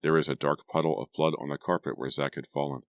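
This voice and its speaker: A man reading a teen horror audiobook in a steady first-person storytelling manner. His voice is extremely low and the recording is dry and close. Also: fast talker, vocal fry, no echo. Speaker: audiobook narrator. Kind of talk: scripted narration.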